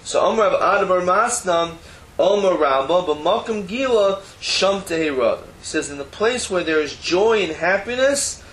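A man's voice: high voice, lively intonation, normal speed, a bit bright. Man teaching Talmud in an echoey room. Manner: explains text line by line, mixing Hebrew terms with casual asides. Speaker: Torah teacher. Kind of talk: Talmud class lecture. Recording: roomy echo, faint background noise.

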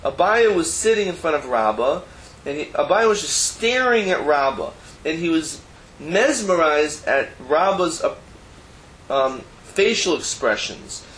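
A man gives a Talmud lesson in a somewhat high voice. He explains the text line by line, slipping Hebrew terms in among casual everyday asides. The room is echoey and there is a faint hum of noise behind him. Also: big pitch swings, a little slow, fairly bright tone. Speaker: Torah teacher. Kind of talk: Talmud class lecture. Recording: roomy echo, faint background noise.

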